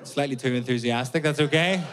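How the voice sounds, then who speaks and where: A young man with a Belfast accent doing stand-up comedy, animated, sweary and exasperated, on a stage mic. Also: mid-range voice, fairly quick, loud music behind the voice. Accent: Northern Irish, Belfast. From Northern Ireland. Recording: live audience laughter in a venue. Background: audience laughing.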